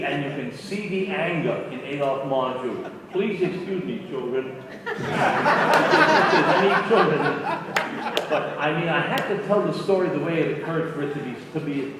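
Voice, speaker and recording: An older man, a guest actor at a fan convention, telling an anecdote in an animated way and often repeating his words. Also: on the high side. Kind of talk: storytelling Q&A anecdote. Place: convention hall. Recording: echoey hall from far off.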